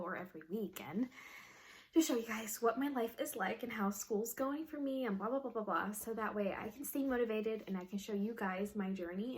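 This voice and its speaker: A young woman vlogger telling a funny story, animated and laughing often, with lots of "like". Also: medium pitch. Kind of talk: casual storytelling vlog.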